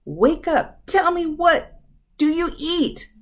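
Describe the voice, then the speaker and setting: A woman voicing a loud, brash little male frog who shouts in a very high, squeaky voice. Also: animated, slow, heavily acted.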